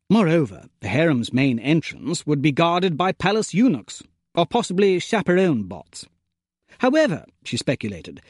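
A man narrating a comic adventure in the first person, with a gentleman's plummy turns of phrase. His voice rides a little high and swings widely in pitch. The sound is dry and close. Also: dry recording. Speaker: audiobook narrator.

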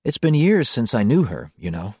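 A man voicing a curious, bewildered man in an audiobook, asking measured questions. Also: mid-range voice, big pitch swings, a little mellow, breathy edge, no echo, studio quality, pitched above the performer's own voice. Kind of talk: audiobook character voice.

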